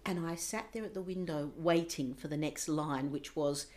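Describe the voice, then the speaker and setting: Interview guest, a woman with a lower voice. Intense personal storytelling that drops to a hush at times. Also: moderate pace.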